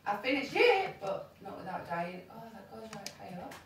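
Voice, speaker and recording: A woman's voice: mid-range voice, moderate pace, a little hiss or hum. An English woman, a mum, chatting casually and cheering while playing a video game with her child. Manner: excitable, cheering, lively exclamations. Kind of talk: casual gaming chat. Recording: roomy room with game music. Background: game music.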